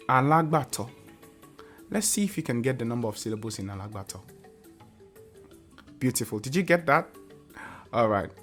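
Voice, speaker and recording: A man hosting a casual online language lesson, patiently repeating example words and singing tone syllables. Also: medium pitch. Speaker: language teacher and channel host.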